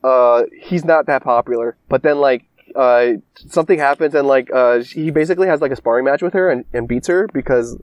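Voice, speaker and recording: A man's voice: mid-range voice, brisk, no room sound. Rambling young man, dry close sound. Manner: rambling, profane, lots of filler "like". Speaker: friend recapping a story. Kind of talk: casual chat.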